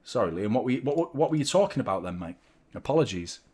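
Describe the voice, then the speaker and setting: An excitable man hosting a live football watchalong, jumping from low mutters to loud yelps. He jokes, swears and chats with his viewers as play unfolds. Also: fast talker, slightly rough. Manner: excitable, swearing, jokey fan banter, chatting to viewers. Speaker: watchalong host.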